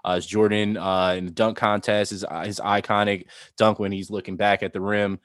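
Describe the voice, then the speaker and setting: A man's voice: lowish voice, little pitch movement, moderate pace, fairly bright tone, dry recording, studio quality. A man co-hosting a casual sneaker podcast, talking in a rambling, enthusiastic way with many restarts. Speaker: podcast co-host.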